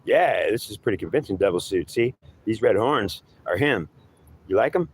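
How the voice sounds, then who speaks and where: A man's voice: lowish voice, lively intonation, normal speed, breathy edge. A man voicing a menacing male devil who claims to be god, taunting and threatening, calling the listener boy, in an improvised two-voice monologue.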